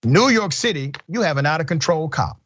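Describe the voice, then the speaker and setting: A man's voice: fairly high pitch, expressive, brisk, fairly bright tone, dry recording, dull audio. A man hosting a news commentary show, stressing his points by repeating them.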